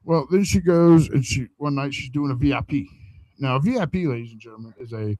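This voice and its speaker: A man's voice: a little high, fairly quick, no room sound, dull audio. A man on a podcast, telling a crude story in casual, profane chat and acting out the lines of the people in it. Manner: profane, animated storyteller acting out quoted dialogue.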